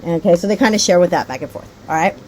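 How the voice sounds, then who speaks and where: A woman's voice: lowish voice, racing, a little mellow, slight background noise, low-quality recording. A woman training teachers on a reading method, rambling a little, correcting herself and checking in often. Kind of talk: teacher training talk with read-aloud demos.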